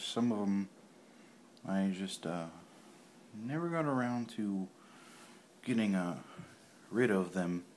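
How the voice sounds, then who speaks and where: A man's voice: on the low side, a little hiss or hum. A man casually talking to camera in his home kitchen, rambling and hesitant, with lots of fillers. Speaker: vlogger. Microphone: camera microphone.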